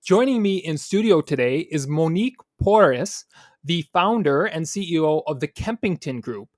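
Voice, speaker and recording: A man's voice: fairly high pitch, expressive, normal speed, dry recording. A man from the Midwest hosting a podcast interview in a studio, asking friendly guided questions. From American Midwest. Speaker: podcast host. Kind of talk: conversational interview.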